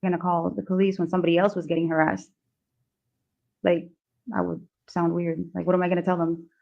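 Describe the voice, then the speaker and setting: A woman on the witness stand with a gravelly, fry-laden voice. She answers softly and haltingly, restarting often. The courtroom audio is dull and lo-fi. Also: fairly low pitch, level tone. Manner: soft, hesitant answers with restarts and polite "yes, ma'am". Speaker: defendant testifying at trial. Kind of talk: courtroom testimony.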